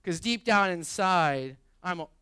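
A male pastor preaching a sermon, swinging from hushed, earnest stretches to loud, animated shouting. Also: high voice, measured pace, smooth, dry recording, clean studio sound. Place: church sanctuary.

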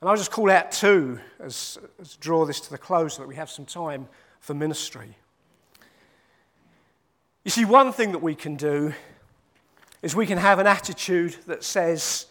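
A man's voice: fairly high pitch, unhurried, a bit bright. A man preaching a sermon. He repeats his points for emphasis and acts out the quoted voices.

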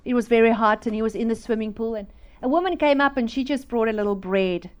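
A woman's voice: a little high, fast. Fervent woman giving testimony. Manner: animated storytelling, laughing, acting out voices; fervent, preaching. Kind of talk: church testimony.

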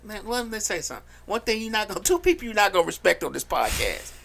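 A gravelly, bright-toned man chats on a podcast. His pitch swings freely as he talks, and his voice has a husky edge. He is blunt, loud and profane, and laughs often. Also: big pitch swings, fast. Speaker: podcast co-host. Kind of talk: casual chat.

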